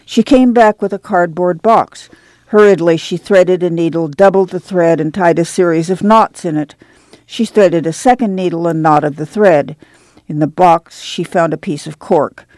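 A woman narrating an audiobook in a measured, even storytelling manner. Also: lowish voice, no echo.

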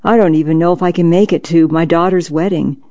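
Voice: mid-range voice, fairly even intonation, fast talker, dull audio, lightly acted. A sorrowful dying older woman, as a narrator puts her on. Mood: tearful. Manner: soft, sorrowful, apologetic. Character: dying older woman, gentle, polished, tearful. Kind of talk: audiobook narration.

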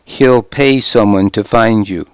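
A man reading the lines of a bitter, defiant noblewoman and proud mother in an audiobook, with sharp, bitter retorts. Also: fairly low pitch, slow pace, clean tone, dry recording.

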